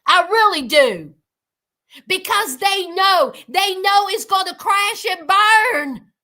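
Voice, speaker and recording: A woman giving sassy, animated commentary on a reality show, talking straight to her viewers. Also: very high voice, slow. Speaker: reality TV recap host. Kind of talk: casual recap commentary to viewers.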